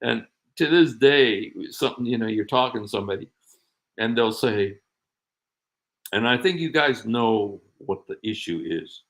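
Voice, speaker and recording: Gravelly-voiced man chatting casually. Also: mid-range voice, a little slow, rough recording. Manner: rambling, laughs often, animated asides. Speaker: show host. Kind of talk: casual livestream chat.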